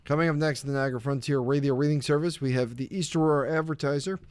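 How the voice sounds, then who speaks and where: A man reading scripted station announcements, measured and clear, slowing down for phone numbers. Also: on the high side, fairly even intonation, darkish tone, slight background noise. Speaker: radio reading service announcer.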